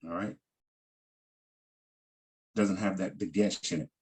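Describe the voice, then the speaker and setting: A man with a low, husky voice walks through vocabulary at an unhurried pace. He says each word twice, spells out its sound and meaning, and keeps checking in with a quick "all right." It has the steady rhythm of a patient classroom lesson. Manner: repeats words and pronunciations, frequent "all right". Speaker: Hebrew language teacher. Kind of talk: slow vocabulary lesson over shared screen.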